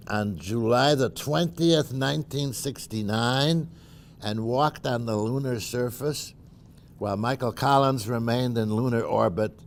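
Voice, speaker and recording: A man's voice: mid-range voice, a little hiss or hum. An older man, a math professor, giving an informal lunch lecture, wry and reflective, with dry asides and frequent "uh"s. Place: university seminar room.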